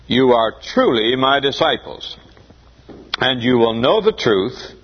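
A male preacher whose husky voice swings widely in pitch as he works through scripture, rising emphatically on the quoted verses. The recording is muffled and dull, as if from an old tape. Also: big pitch swings, slow. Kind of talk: expository sermon.

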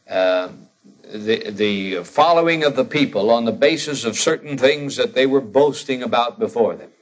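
A man preaching an expository sermon in an earnest, conversational way, rising to emphatic lines when he quotes scripture. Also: medium pitch. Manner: conversational with fillers and restarts.

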